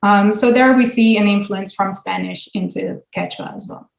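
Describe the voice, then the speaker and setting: A woman's voice: medium pitch, normal speed, creaky. A woman linguistics professor giving an academic lecture with slides, explaining patiently with frequent ums and uhs. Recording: echoey room.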